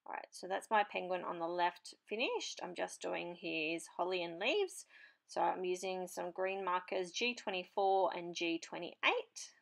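A woman's voice: lowish voice, creaky. A woman hosting a papercraft channel, chatting casually as she explains her marker colouring in a tutorial voice-over. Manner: chatty, unhurried, talks while working.

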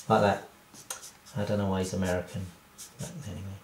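Slow rambling cartoonist guy, jokey and self-deprecating, echoey room. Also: low-pitched, flat delivery, darkish tone. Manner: rambling, self-deprecating, laughs at own jokes. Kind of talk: casual drawing tutorial. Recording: roomy echo.

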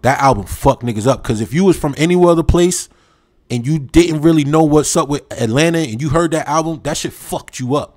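A man hosting a livestream, reminiscing in animated, slang-heavy casual chat and talking straight to his viewers. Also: fairly high pitch, brisk. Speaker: livestream host.

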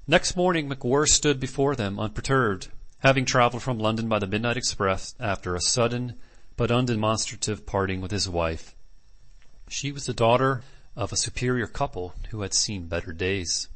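A man narrating a classic novel as an audiobook in measured, deliberate phrases. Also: on the low side, a bit bright.

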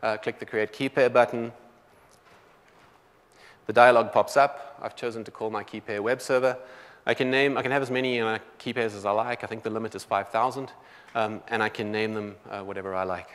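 A man with a South African accent giving a technical conference talk, talking quickly with many fillers and restarts. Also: fairly low pitch, fairly even intonation, fairly bright tone, in a large hall. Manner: quick, loose delivery full of "um" and restarts. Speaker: conference presenter. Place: large conference hall.

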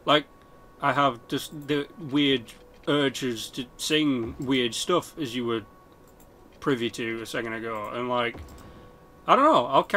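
This gaming channel host rambles through a casual let's-play, swearing a lot and poking fun at himself as he plays. His medium-pitched voice has a sharp edge, and there's a little hiss or hum on the track.

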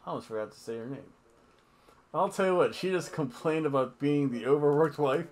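A man's voice: on the high side, lively intonation, fairly quick. A man hosting a casual wrestling review, talking in a rambling, offhand, jokey way with asides. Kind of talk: casual wrestling recap chat.

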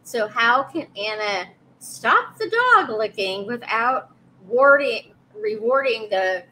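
A woman hosting a live chat, warmly reading out viewer questions and thanking guests. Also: fairly high pitch, sing-song, takes it slowly, a little hiss or hum, poor audio. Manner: friendly, reads out viewer questions. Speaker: host.

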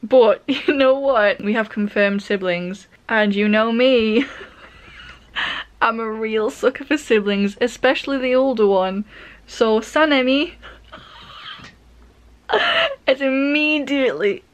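A young woman vlogging her reactions as she reads, excitable and swearing, with frequent gasps and laughter. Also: on the high side, takes it slowly, smooth. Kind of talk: reading reaction vlog.

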